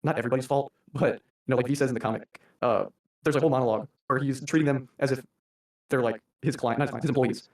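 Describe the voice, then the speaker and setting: A man's voice: medium pitch, steady tone, quick pace, darkish tone. A man co-hosting a casual review chat, talking loosely and laughing. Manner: chatty, self-interrupting, laughs a lot. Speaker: co-host reviewing a comic and film. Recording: roomy, distant mic.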